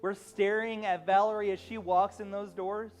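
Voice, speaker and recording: A man's voice: sits high, little pitch movement, normal speed, soft background music. A man preaching a sermon as a pastor, telling a story conversationally with fillers and acting out the lines.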